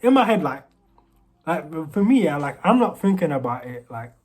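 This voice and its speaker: A man's voice: a little high, big pitch swings, normal speed, slightly rough. A man with a British accent that keeps some American traces, casually telling a story. He rambles and restarts often, with many fillers. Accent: British English with American traces. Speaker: storyteller vlogger.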